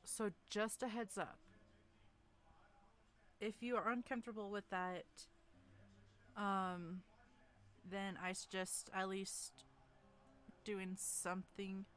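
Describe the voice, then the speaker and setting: A woman's voice: mid-range voice, fairly bright tone. A woman hosting a livestream where friends read fanfic together. She giggles often, puts herself down, and stumbles and restarts her words. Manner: giggly and self-deprecating, laughs often between lines. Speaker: streamer hosting a group fanfic reading. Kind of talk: casual livestream chat.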